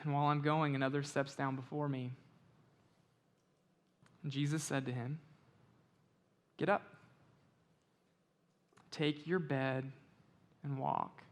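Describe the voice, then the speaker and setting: A pastor with a mid-range voice and flat delivery preaches a sermon. He reads scripture slowly and quietly, then shifts into conversational explanation and loud, emphatic stretches.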